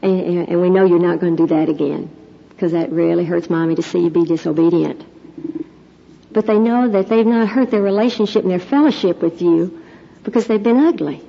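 Lady preaching, earnest storyteller, kinda husky, muffled old recording. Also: fairly low pitch, a little fast, mellow. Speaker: Christian speaker, mother. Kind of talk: sermon-style talk with prayer. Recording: dull lo-fi recording.

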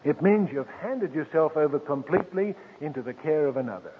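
A man preaching a sermon, slow and emphatic, dropping soft and then lifting his voice again. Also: on the high side, animated, noisy background. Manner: slow, emphatic, with soft drops and sudden lifts. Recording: tinny old radio broadcast with long reverb.

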